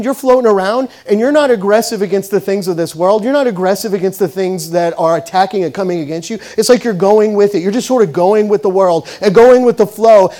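Pastor guy, kinda high voice, tells a story then goes loud then real quiet. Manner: storytelling, swings between loud bursts and quiet asides. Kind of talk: sermon.

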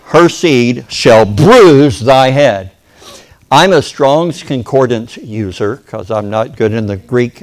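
A man preaching a sermon in a folksy, playful way, calling for amens from the congregation. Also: medium pitch. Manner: folksy, playful, acts out voices and a "ding" sound; calls for amen from the congregation.

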